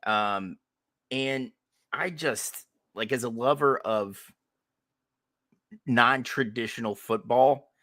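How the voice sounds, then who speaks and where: A man hosting a casual sports podcast, talking forcefully with sarcastic asides. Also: mid-range voice, slow, pauses often, no echo, studio quality. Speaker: podcast host.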